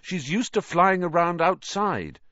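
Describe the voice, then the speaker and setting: A man's voice: sits high, animated, unhurried, a bit bright, no room sound, dull audio, pitched above the performer's own voice. A man voicing a frustrated young boy who pleads and gets irritable. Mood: pleading.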